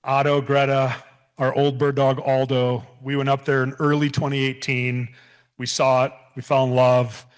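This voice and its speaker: A man's voice: mid-range voice, little pitch movement, normal speed, smooth. A man in his thirties, a bison rancher giving a public talk, earnest and prone to restarts and repeated words. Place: event hall.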